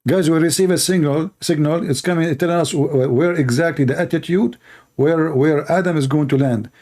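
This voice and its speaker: A man with an Arabic accent talks in a sarcastic, mocking way, ribbing the clip he is reacting to. His voice sits a little high for a man. He hosts with a teasing, playful edge. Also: a little fast, a little mellow. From Middle East. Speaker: show host reacting to a clip. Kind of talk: mocking commentary.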